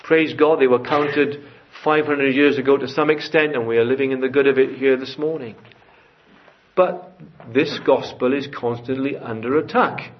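A man preaching a sermon in a church, earnest and building to fervent emphasis. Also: mid-range voice. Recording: dull lo-fi church recording.

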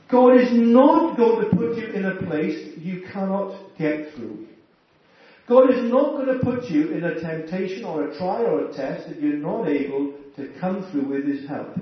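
High-voiced man preaching in an echoey hall. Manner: earnest, repeatedly calls the listeners "friends". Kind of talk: sermon. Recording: echoey, distant and dull.

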